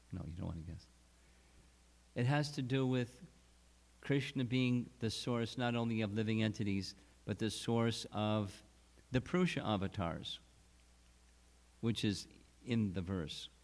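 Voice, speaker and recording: A man giving a scripture lecture at a retreat, explaining slowly and deliberately, with restarts. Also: lowish voice. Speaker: spiritual teacher.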